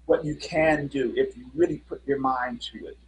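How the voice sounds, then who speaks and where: Telling stories earnestly with lots of fillers, a middle-aged man appears as a guest musician in a casual interview. He speaks at medium pitch with fairly even intonation and a moderate pace, and the recording is rough.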